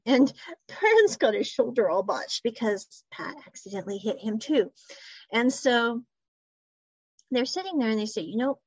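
A woman's voice: a little high, expressive, normal speed, slightly rough, no echo, dull audio. A woman casually recapping a drama episode, chatting and quoting the characters in her own voice. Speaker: show recapper.

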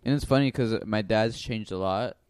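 A man's voice: lowish voice, moderate pace, a little mellow, smooth, dry recording. A man co-hosting a casual podcast in an easygoing, agreeable manner. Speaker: podcast co-host. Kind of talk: casual chat.

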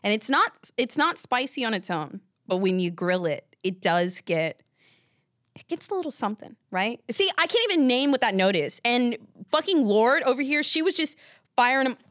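A woman's voice: on the high side, normal speed, dry recording. Chatty rambling woman podcast host, dry sound. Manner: rambling, animated storytelling with asides. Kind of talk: casual chat.

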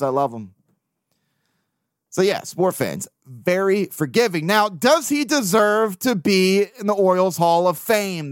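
A man hosts a casual sports podcast, venting in blunt, profane bursts. His voice sits a bit high for a man. The sound is dry and close, with no room around it. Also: no echo. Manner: blunt, profane, venting, with mocking put-on quotes. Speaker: podcast host.

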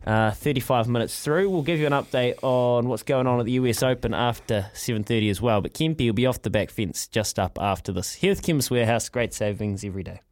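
A man's voice: medium pitch, fast talker, few pauses, a little mellow, a little hiss or hum. A man with a New Zealand accent hosting breakfast radio, talking enthusiastically with many restarts. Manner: enthusiastic, chatty, restarts phrases. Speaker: radio host.

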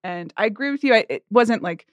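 A woman's voice: mid-range voice, lively intonation, no echo. Chatty woman co-hosting a film podcast. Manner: chatty, halting, with many restarts. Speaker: podcast co-host. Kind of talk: casual film-talk podcast chat. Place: at a film festival.

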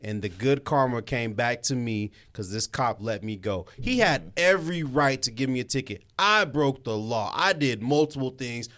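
A young man hosting a podcast, telling a story to friends in an animated way, laughing and acting out other voices. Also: mid-range voice, moderate pace, hardly any pauses. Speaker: podcast host. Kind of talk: casual storytelling among friends.

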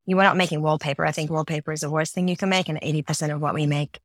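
A woman's voice: low voice, rapid-fire, no echo, clean studio sound. Blunt Australian woman guest. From Iran. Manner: blunt and lively, restarts often. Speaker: chief creative officer, guest. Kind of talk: candid interview talk.

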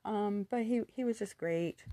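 A woman's voice: medium pitch, a little slow, warm tone, dry recording. A woman in her fifties with a youthful-sounding voice, telling a personal story candidly with rambling asides and restarts. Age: 50s.

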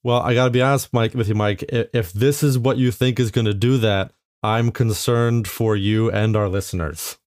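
A man co-hosting a podcast, speaking casually with dry, teasing, deadpan humor. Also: on the low side, normal speed, few pauses, no room sound. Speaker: podcast co-host.

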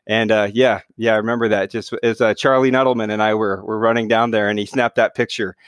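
A man's voice: fairly low pitch, level tone, fairly quick, dry recording. A middle-aged man talking casually as an interview guest, hesitant, with many fillers and restarts. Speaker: guest, mountain speed record holder.

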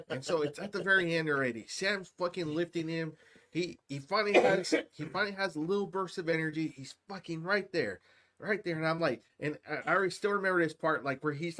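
A middle-aged man chatting casually with a friend. His voice sits slightly high and he swears freely, piling on "right?" as he builds up a story. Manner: profane, animated storytelling with lots of "right?". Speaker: podcast co-host. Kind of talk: casual chat.

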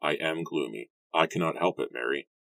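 A brooding young man talks in a subdued, gloomy way, as a man reads him aloud. His voice is very deep and dry. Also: moderate pace, creaky, fairly bright tone, no room sound, heavily acted.

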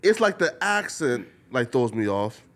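A man's voice: mid-range voice, big pitch swings, unhurried. A man hosting a casual interview, rambling with lots of filler words. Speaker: podcast host.

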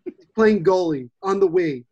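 Hey it's an excitable jersey dude with a high voice, swearing on a hockey podcast. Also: male voice, normal speed, muffled recording. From New Jersey. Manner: excitable, swears, laughs often. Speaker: podcast co-host. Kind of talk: casual hockey chat.

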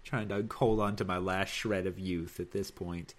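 A man's voice: sits low, steady tone, normal speed. A man in his late thirties co-hosting a podcast, chatting casually with dry, wry humor. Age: late 30s. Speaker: podcast co-host. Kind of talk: casual chat.

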